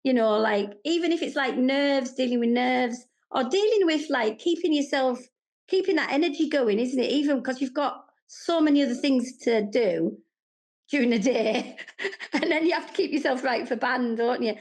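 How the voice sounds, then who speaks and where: A woman's voice: high-pitched, moderate pace, darkish tone. A woman hosting a podcast, chatting enthusiastically and ending many lines with tag questions. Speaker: podcast host. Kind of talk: casual chat.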